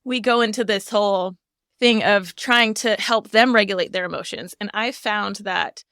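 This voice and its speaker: Smooth-voiced chatty woman host. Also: mid-range voice, moderate pace, no echo, clean studio sound. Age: 30s. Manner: chatty, warm-hearted, laughs often, many "like" fillers. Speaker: podcast host. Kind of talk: casual conversation.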